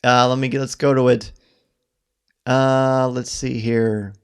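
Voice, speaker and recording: Earnest, gravelly-voiced man hosting live. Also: medium pitch, flat delivery. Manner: earnest, halting, choked up at times. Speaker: podcast host. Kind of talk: emotional live-stream farewell talk.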